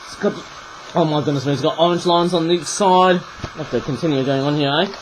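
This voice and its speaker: A man reviewing toys in a rambling, chatty way, with a frog in his throat that makes him clear it often. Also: on the high side, fairly quick, a little hiss or hum, rough recording. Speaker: toy reviewer. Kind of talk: casual video review.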